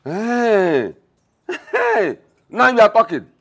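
A man's voice: sits high, wildly swooping pitch, extremely slow, gravelly, fairly bright tone, full character voice. An actor with a Nigerian accent playing a middle-aged father in a film drama who mocks and blusters. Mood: scornful. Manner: mocking, blustering. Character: scornful older father demanding his food. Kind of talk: Nollywood film acting.

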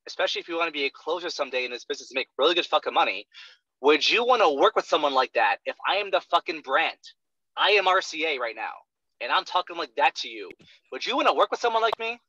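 A young man coaches a sales trainee in a blunt, profane rush, hammering each point and checking in with "right?" again and again. His voice sits a little high and very bright, and the dry, close sound comes through a dull lo-fi recording. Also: dry recording. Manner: profane, emphatic, keeps asking "right?". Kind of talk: blunt one-on-one coaching talk.

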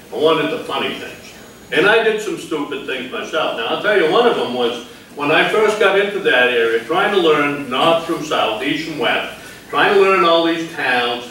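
Older man with a bright voice. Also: a little high, slight background noise. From Maine. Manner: folksy, conversational. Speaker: retired game warden, guest speaker. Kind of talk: reflective storytelling to an audience. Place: library meeting hall. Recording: echoey hall, mic far off.

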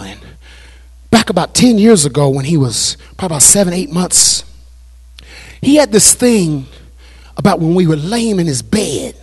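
A man preaching a sermon as pastor at a Bible study, repeating phrases and building to shouted climaxes. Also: fairly high pitch, breathy edge. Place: church.

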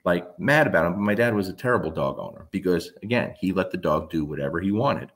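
Blunt low-voiced man in his fifties. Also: lively intonation, fast. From New Jersey. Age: 50s. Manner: blunt, emphatic, swears freely. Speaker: dog trainer. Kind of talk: casual storytelling monologue.

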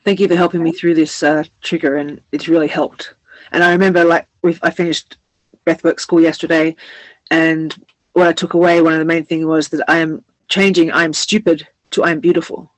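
A woman's voice: deep voice, little pitch movement, moderate pace, dry recording, poor audio. Woman musing in a dry close recording. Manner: reflective, rambling, searching for words. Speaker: co-host. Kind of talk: casual heart-to-heart chat.

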